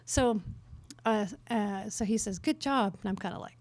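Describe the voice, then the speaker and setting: A middle-aged woman from northern Canada telling stories at a worship workshop, lively and self-mocking, with many fillers. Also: medium pitch, moderate pace. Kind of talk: storytelling in a conference talk. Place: conference workshop room.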